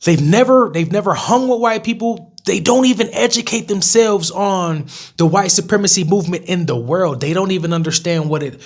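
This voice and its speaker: A man's voice: high-pitched, normal speed. A young man ranting bluntly to camera in a casual vlog, swearing freely. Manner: blunt and profane, with mocking put-on voices. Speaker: vlogger. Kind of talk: casual opinion rant to camera.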